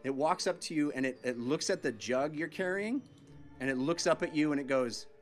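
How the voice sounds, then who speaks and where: A man's voice: fairly high pitch, a little fast, soft background music. A man running a tabletop game as game master, giving vivid, descriptive narration full of small restarts.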